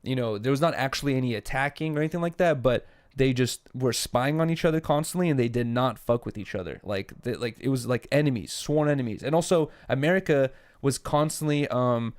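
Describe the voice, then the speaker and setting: A man's voice: mid-range voice, a little fast, hardly any pauses. Rambling young man on a casual podcast. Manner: rambling, filler-heavy, swearing. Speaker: podcast co-host. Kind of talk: casual chat.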